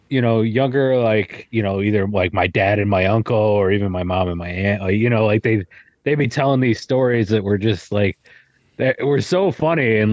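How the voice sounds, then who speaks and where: A man co-hosting a podcast, easygoing and quick to laugh while telling stories. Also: on the low side, darkish tone, no echo, dull audio. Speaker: podcast co-host. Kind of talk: casual chat.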